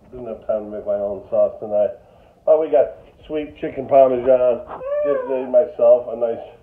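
A man talking casually while he cooks in his home kitchen, joking around and sliding into angry political rants. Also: mid-range voice. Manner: goofy, jokey, turns to angry political ranting. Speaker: home cooking vlogger. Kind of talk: casual cooking chat and rant. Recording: tinny phone-like sound.

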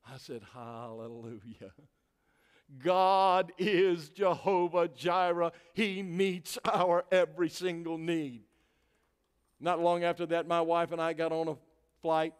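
Older man, preacher, high voice, animated storytelling, shouts at peaks, long church-hall reverb. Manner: animated, rising to shouts at climaxes. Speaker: guest preacher. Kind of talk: sermon storytelling. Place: church sanctuary.

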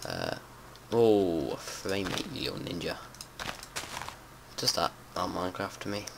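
A man giving casual let's-play commentary, chatty and prone to swearing and panicked yelling. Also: sits low, sing-song, unhurried, vocal fry. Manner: chatty, swears a lot, panics and yells when startled. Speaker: gameplay commentator. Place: home room with window open. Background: faint outdoor noise and keyboard typing.

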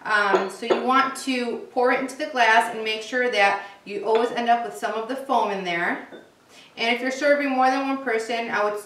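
A young woman hosting a casual cooking demonstration, chatting in a relaxed way with lots of "uh" and "um" fillers. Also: on the high side, moderate pace, roomy sound. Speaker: cooking show host.

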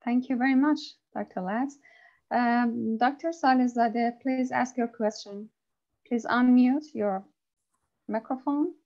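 A woman's voice: on the high side, unhurried, darkish tone. A woman moderating a webinar, courteous and formal. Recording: dull lo-fi sound.

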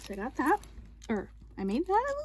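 A chatty young woman with a fairly high voice talks through her latest purchases in a casual vlog. She gushes and gets excitable over her finds. Steady noise runs clearly behind her. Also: moderate pace. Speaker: vlogger showing her purchases.

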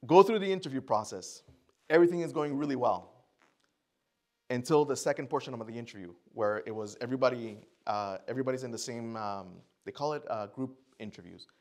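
A man's voice: medium pitch, brisk, darkish tone. A man giving a personal testimony sermon to a church congregation. He talks conversationally and acts out his own thoughts and other people's lines. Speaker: guest speaker at church.

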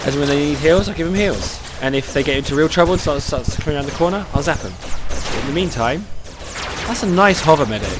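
A man with a cold giving excitable live commentary over his own gameplay, cheering on teammates and talking to himself. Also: a little high, quick pace, music in the background. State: has a cold.

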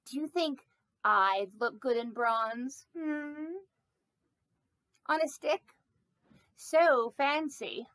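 A woman's voice: sits high, drawn-out words, long pauses, a bit bright, dry recording, full character voice. A woman voicing a vain, chatty, silly snake puppet in a children's sermon, talking playfully with rambling asides. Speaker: pastor.

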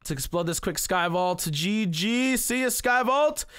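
A young man giving excitable let's-play commentary on a game, often exclaiming and laughing. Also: high voice, a little slow, smooth, no echo. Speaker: gaming YouTuber.

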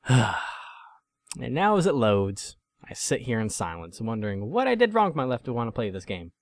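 Jittery swearing man, lively pitch. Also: normal speed, dry recording. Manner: jumpy, swearing, talks to the game. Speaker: gaming YouTuber. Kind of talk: horror game let's play commentary.

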